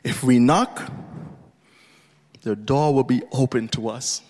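A man preaching a sermon with fervent passion, moving from low, measured speech to bursts of shouting. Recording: long reverb of a large hall.

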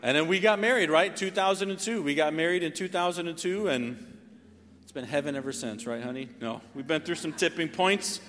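A man's voice: a little high, brisk, slight background noise. A man in his forties from North Carolina giving a sermon testimony, telling his story with lots of "right?". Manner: animated storytelling with frequent "right?". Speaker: preacher. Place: church sanctuary. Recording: long hall reverb.

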